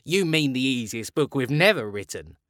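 A man voicing an eager, cheerful male storybook co-author in a quick, upbeat, higher voice. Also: big pitch swings, a bit bright, dry recording, clean studio sound.

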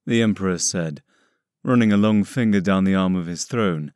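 A man narrating fiction aloud in a steady, clear storytelling manner. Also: deep voice, normal speed, no echo, clean studio sound.

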